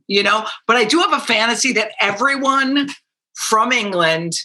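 An American woman in brash, teasing comedic chat, foul-mouthed and quick to needle. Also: fairly high pitch, animated, sharp tone. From United States.

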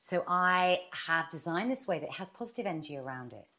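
A woman talking through her advice with a lot of melody in her voice, sitting a little low in pitch. She keeps slipping into quick acted-out bits of dialogue as she explains. It sounds like an easy, friendly interview chat. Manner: animated, acts out little quoted exchanges. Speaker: author and guest.

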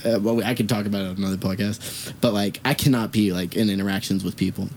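A man's voice: lowish voice, fairly even intonation, quick pace, darkish tone, slight background noise. Rambling, swearing male podcast host. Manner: rambling, swearing, quoting voices. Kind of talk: casual storytelling.

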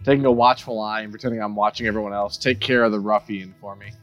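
A man playing a tabletop game, calmly describing his actions. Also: lowish voice, quick pace, soft background music. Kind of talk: casual game chat. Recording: dull lo-fi mic.

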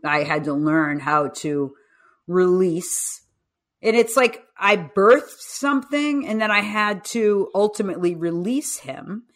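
Her voice sits on the low side and she speaks slowly. This guest coach and author, a woman in her fifties, animates her podcast stories by giving voice to whoever she's quoting.

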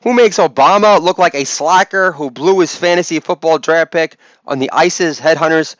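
A man's voice: on the high side, normal speed, fairly bright tone, dry recording, muffled recording. A man hosting a comedy podcast, delivering mocking, sarcastic jokes and laughing at his own lines. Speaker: podcast host.

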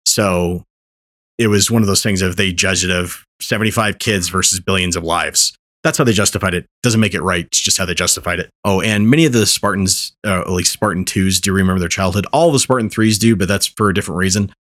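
A man with a low-pitched voice hosts a casual podcast, explaining things at length and circling back with fillers. The sound is dry and close, with no room around it. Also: a little fast, dry recording. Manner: rambling, animated explainer with many fillers. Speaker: podcast host. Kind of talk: casual chat.

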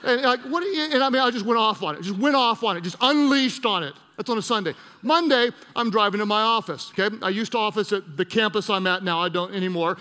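High, bright-voiced pastor preaching. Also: male voice, fast talker, hardly any pauses. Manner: animated storytelling with mocking voices. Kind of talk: sermon. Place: church auditorium. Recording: reverberant church hall.

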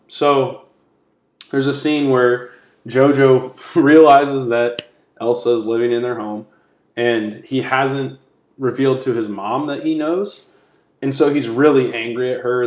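A man co-hosting a casual podcast, talking through favorite movie scenes in a relaxed, conversational way. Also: mid-range voice, unhurried. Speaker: podcast co-host. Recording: roomy echo.

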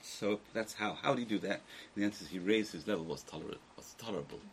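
An older man teaching a religious class, lecturing a small group in an animated way with restarts and asides. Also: on the low side, quick pace, slight background noise.

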